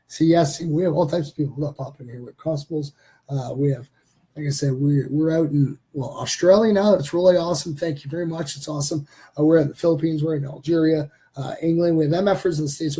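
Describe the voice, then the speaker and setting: A man hosting a live stream in a loose, rambling way, filling gaps with lots of ums and uhs. His voice is husky and mellow, sitting a touch high for a man. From Canada. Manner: rambling with many fillers. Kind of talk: casual live stream chat.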